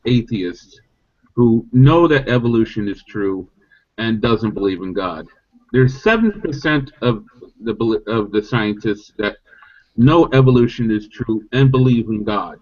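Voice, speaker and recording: A man chatting casually on an online podcast, animated and mocking, often restarting sentences. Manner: animated, mocks opponents in high squeaky voices. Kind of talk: casual chat. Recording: lo-fi online call audio.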